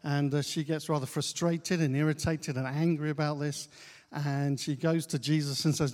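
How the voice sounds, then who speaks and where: A man preaching a sermon in a church, unhurried, pausing often with "uh" and repeating key phrases. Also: on the high side, steady tone, a little mellow. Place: church hall. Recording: long church-hall reverb.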